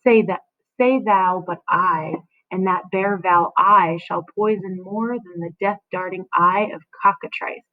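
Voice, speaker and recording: A woman's voice: fairly low pitch, measured pace, lightly acted. A woman reading the lines of a young woman in love, reciting them in a raised, earnest voice. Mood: desperate. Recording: phone-like lo-fi audio.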